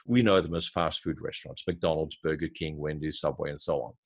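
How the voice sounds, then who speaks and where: Low-voiced man telling a marketing story. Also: fairly quick, breathy edge. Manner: lively storyteller, builds examples step by step. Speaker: marketing consultant, guest. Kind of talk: explaining with a storytelling example.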